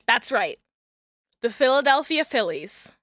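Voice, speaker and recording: A young woman streaming from a small room at home, talking into a desk mic. Her voice is bright and a little high, and the sound is close and dry. She rambles in a chatty way and breaks into excited yelling. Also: unhurried, dry recording. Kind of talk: casual livestream chat while crafting.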